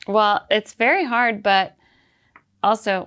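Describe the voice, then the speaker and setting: A woman comedian with a light Southern accent, chatting casually and telling animated stories. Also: medium pitch, slow pace, smooth. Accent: light Southern American, fading in and out. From American South. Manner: chatty, animated storyteller, laughs often. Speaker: comedian guest. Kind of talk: casual chat.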